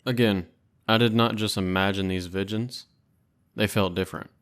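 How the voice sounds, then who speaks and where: A man's voice: on the low side, fairly even intonation, moderate pace, fairly bright tone, clear, resonant tone. A man casually commenting on gameplay in a laid-back, amused way.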